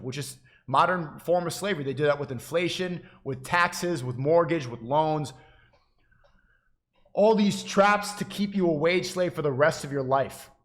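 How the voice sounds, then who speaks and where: A man streaming live and lecturing his chat in a preachy, insistent way. His voice sits a little higher than most men's. He keeps circling back, repeating and restarting phrases as he pushes his point. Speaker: livestreamer addressing chat. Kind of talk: livestream monologue.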